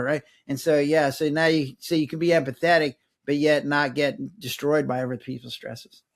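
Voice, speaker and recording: Animated middle-aged man, slightly higher voice. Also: normal speed, few pauses. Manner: animated, acts out patients' and his own lines in voices. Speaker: guest, former physician. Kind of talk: casual conversational interview.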